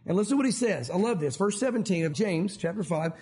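A man pastor preaching an animated sermon in a church, acting out quotes from scripture. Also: high-pitched, fast talker.

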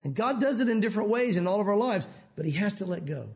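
A Tennessee pastor delivers a sermon in an easy, conversational style, with a light Southern accent. He speaks fast, often restarting sentences mid-thought. His voice is notably high for a man, animated, and carries some vocal fry.

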